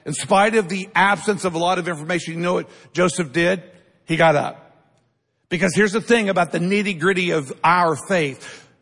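A male pastor preaching a sermon, emphatic, constantly checking in with the congregation and building up to shouted lines. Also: high voice, moderate pace. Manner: keeps asking the congregation "right?". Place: church sanctuary. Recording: long reverb of a large hall.

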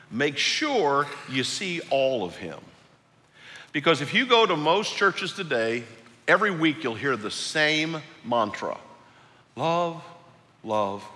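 A man preaching a sermon as pastor, emphatic, swinging between loud peaks and quiet low lines. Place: large church hall. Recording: long hall reverb.

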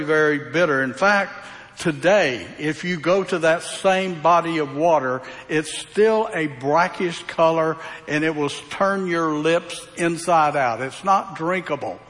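Recorded with echoing hall acoustics, a preacher with a slightly high, fairly bright voice delivers a verse-by-verse Bible sermon. He keeps it folksy and asks the congregation rhetorical questions.

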